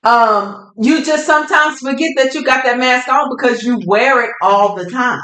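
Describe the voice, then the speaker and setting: A woman co-hosts a casual podcast chat, talkative and colloquial, laughing easily as she goes. Her voice sits high and a bit bright at normal speed, recorded with a roomy echo.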